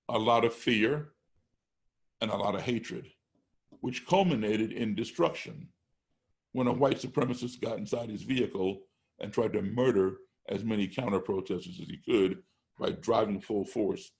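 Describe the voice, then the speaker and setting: A man's voice: lowish voice, moderate pace, gravelly, a little mellow. A middle-aged American man talking as a podcast guest, telling a story with emphatic, step-by-step points. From United States. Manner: emphatic, builds points step by step, acts out classroom exchanges. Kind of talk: conversational storytelling.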